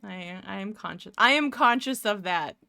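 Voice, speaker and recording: A woman's voice: mid-range voice, animated, moderate pace, creaky, sharp tone, no echo, clean studio sound. A woman from Toronto, hosting a casual livestream and rambling with jokes and frequent laughs as she works on pixel art. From Toronto, Canada. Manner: rambling, jokey, laughs often. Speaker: livestream host. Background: faint music.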